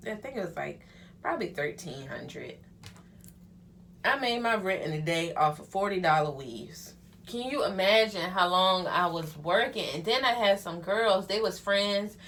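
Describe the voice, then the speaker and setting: With a fairly low, slightly bright voice, a young woman tells her life story in a relaxed get-ready-with-me vlog, speaking candidly and using slang like "honey" and "child." She's a hairstylist, and there's slight background noise.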